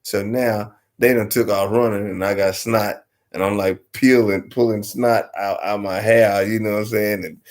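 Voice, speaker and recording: His voice sits low with a fairly bright tone as this Arkansas storyteller host, Southern US accent and all, rambles through a loose, profane comic story, constantly asking "you know what I'm saying."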